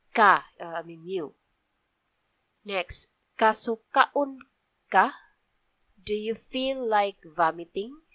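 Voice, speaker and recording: A woman with a Cebuano accent teaching a slow vocabulary lesson, patiently explaining each word and often checking with "okay?". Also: medium pitch, a bit bright, no room sound. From Philippines. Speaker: language teacher.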